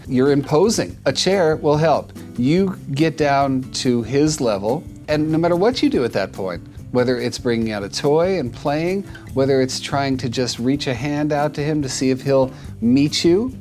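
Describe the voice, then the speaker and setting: Emotional man giving cat advice. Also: medium pitch. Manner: warm, emotional, repeats and restarts words. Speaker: cat behaviorist host reviewing a viewer video. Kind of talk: casual advice talk to camera.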